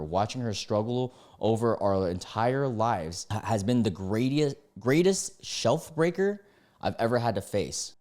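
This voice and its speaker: A young man in his late twenties with a lowish voice that swings widely in pitch. He reads posts aloud, then breaks into excitable, ranting reactions with sudden high jumps. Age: 20s. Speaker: YouTuber reading Reddit posts. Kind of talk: reacting to and reading online posts.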